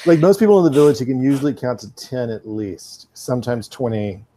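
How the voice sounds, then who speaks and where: A man's voice: mid-range voice, lively intonation, a little fast, dark tone, a little hiss or hum. A man narrating as game master in a tabletop role-playing game, dry and teasing.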